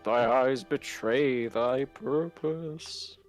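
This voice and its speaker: An ancient dragon voiced by a man drawls its words slowly in an old-fashioned, ghostly manner. Soft game music plays underneath. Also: mid-range voice. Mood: accusing. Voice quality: slow archaic ghostly drawl. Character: ancient male dragon, archaic speech, ghostly booming.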